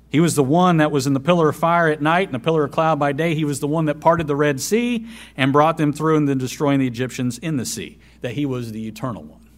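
A man preaching a sermon, who swings between loud emphasis and soft asides and repeats key phrases. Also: on the high side.

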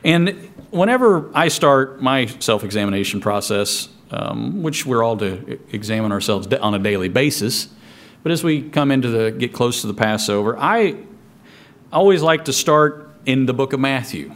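Guy preaching, easygoing talky sermon, stops and restarts a lot, reads bible verses out loud. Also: mid-range voice, lively intonation, moderate pace. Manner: conversational preaching with restarts, reads scripture aloud. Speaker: pastor.

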